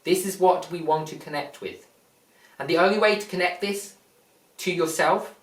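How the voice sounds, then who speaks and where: A man giving a slow, repetitive spiritual talk, explaining and asking rhetorical questions. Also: a little high, a bit bright. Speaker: spiritual teacher. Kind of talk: teaching monologue. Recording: roomy, distant mic.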